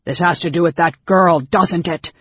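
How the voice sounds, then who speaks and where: A man voicing a big, blustering male warrior who shouts and grumbles in exasperation, read from a storybook. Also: medium pitch, flat delivery, normal speed, creaky, dry recording, pitched below the performer's own voice. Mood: exasperated shouting. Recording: dull lo-fi dry recording.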